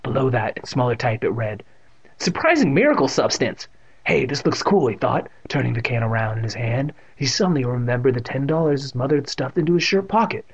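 A man's voice: medium pitch, fast talker, hardly any pauses, slightly rough. A man reading a children's book aloud and tossing in joking asides. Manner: adds joking asides to the text. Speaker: reader. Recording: muffled lo-fi recording.

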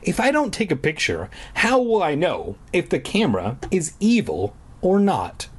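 Dude doing a cold snooty teacher, slow and flat. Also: male voice, fairly high pitch, slightly rough, heavily acted. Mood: dismissive. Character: cold dismissive male schoolteacher.

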